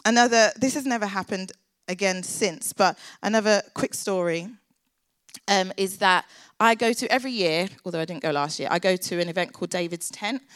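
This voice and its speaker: A woman's voice: mid-range voice, fairly quick, fairly bright tone, dry recording. An earnest young woman tells her faith testimony in a chatty, informal way. She is a church worker with a mid-range voice. The recording is close and dry with no room sound. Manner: earnest, chatty, lots of filler "like"s.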